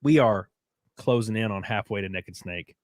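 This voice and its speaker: An American podcast host in his thirties tells a personal story in a candid, rambling casual chat full of fillers. He speaks at a normal speed in a fairly low voice, and the recording is very noisy.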